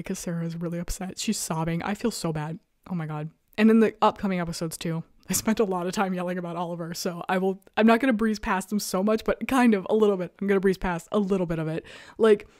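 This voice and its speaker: A woman's voice: lowish voice, a little mellow, dry recording, clean studio sound. A young adult woman hosting her own show, chatting animatedly and with exasperation, laughing often. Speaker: show host. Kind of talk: casual recap chat.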